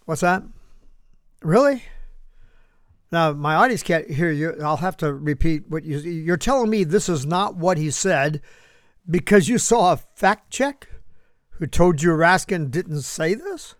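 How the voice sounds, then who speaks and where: A man's voice: on the high side, measured pace, no echo, clean studio sound. A man hosting a political commentary show, sarcastic, talking back to an unheard listener. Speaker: host.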